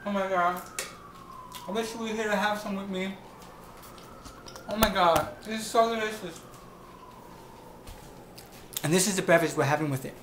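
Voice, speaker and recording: A man's voice: high-pitched, normal speed, pauses often, roomy sound, noisy background, voice pushed up, close to an everyday voice. A man voicing a flamboyant drag diva who hosts a home cooking show, theatrical and gushing, calling everyone honey and darling. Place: home kitchen.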